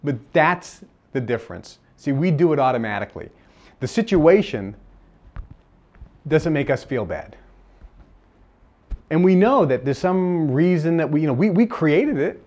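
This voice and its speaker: A man's voice: on the high side, animated, measured pace, pauses often, darkish tone. A man giving a live seminar lecture, emphatic and repeating his key phrases, sometimes acting out bits of dialogue. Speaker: seminar speaker.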